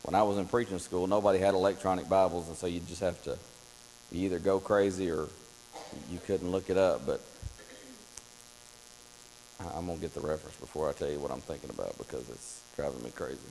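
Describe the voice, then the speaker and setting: Gravelly church guy teaching bible class, acts out the story, echoey hall, bit of hum. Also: deep voice, brisk, pauses often. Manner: animated storytelling, acts out voices of Bible figures. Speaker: preacher teaching Bible study. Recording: long hall reverb with faint mains hum.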